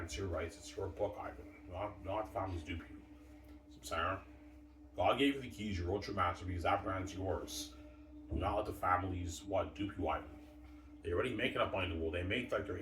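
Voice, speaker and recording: A man's voice: low voice, noisy background. A man ranting in a rambling, profane, aggrieved solo monologue. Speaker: vlogger. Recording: echoey room, far from mic.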